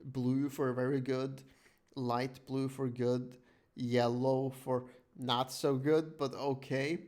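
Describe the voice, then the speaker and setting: A man's voice: medium pitch, level tone, takes it slowly, a little mellow. A man hosting a casual podcast chat, ranting emphatically with a lot of swearing. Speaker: podcast host.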